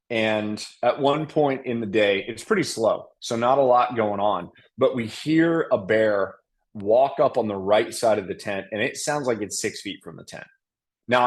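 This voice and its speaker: A man guesting on a podcast, telling a hunting story in a casual, animated way with frequent restarts and fillers. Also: lowish voice.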